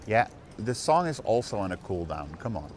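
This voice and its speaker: Lively Dutch man streaming from the street. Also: on the low side, normal speed, slight background noise. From Netherlands. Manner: chatty and rambling, talks to chat and passersby. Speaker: live streamer. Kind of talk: casual live street stream. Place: city street outdoors.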